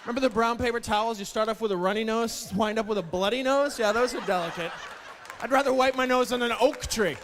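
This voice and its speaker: A man's voice: very high-pitched, fast, a crowd in the background, noisy background. A male stand-up comedian telling wry, self-mocking stories about old jobs, with stammered starts. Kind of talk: stand-up routine.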